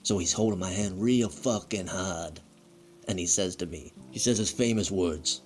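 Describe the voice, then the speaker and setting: A man's voice: low-pitched, moderate pace, slight background noise, close to an everyday voice. A man playing a crude, bitter fired wrestler who rambles and swears in a comedic monologue. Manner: foul-mouthed, rambling, self-pitying.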